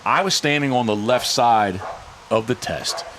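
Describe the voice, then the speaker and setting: A man's voice: mid-range voice, unhurried, a little hiss or hum. A man hosting a casual podcast, telling a story with lots of repeats and restarts and acting out what others said. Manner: animated storyteller, repeats words, frequent restarts; acts out other people's lines in hushed or shifted tones. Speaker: podcast host and dog handler.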